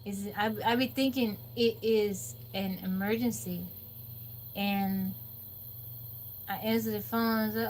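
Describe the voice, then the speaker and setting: A woman's voice: medium pitch, measured pace, pauses often, a little hiss or hum. A woman chatting casually on a livestream, acting out quotes and laughing often. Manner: animated storyteller, acts out quotes, laughs often. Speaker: livestream host. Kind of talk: casual chat with live viewers. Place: off-grid home.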